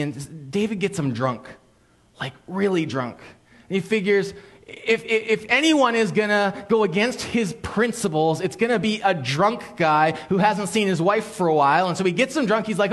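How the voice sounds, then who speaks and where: A man preaching a sermon as a pastor, telling the story in an animated way, acting out quotes and dropping suddenly to a hush. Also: high voice, normal speed.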